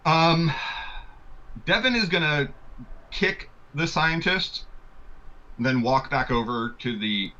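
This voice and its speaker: A man running an online tabletop game as game master, giving relaxed, chatty rulings. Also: a little high, takes it slowly, pauses often, muffled recording.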